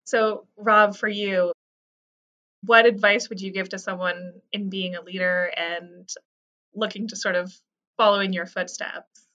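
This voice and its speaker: A woman's voice: mid-range voice, fairly even intonation, unhurried, bright, forceful tone, highs cut off. A woman interviewer asking guests questions in an upbeat, chatty way. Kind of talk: interview hosting.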